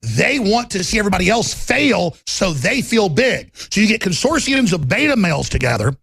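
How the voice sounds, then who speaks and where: A man giving a fervent, combative political rant in a gravelly voice. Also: sits high, very animated, moderate pace, a bit bright, dry recording. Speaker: political commentator.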